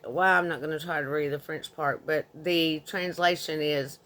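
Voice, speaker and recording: A woman's voice: fairly low pitch, fairly bright tone. A woman in her thirties reading a forum story aloud in an indignant, conversational way. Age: 30s. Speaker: narrator.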